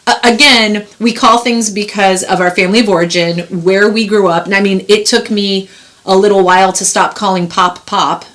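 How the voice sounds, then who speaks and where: A middle-aged woman co-hosting a podcast in casual chat, chatty and quick to laugh. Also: medium pitch, steady tone, fairly bright tone. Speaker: podcast co-host.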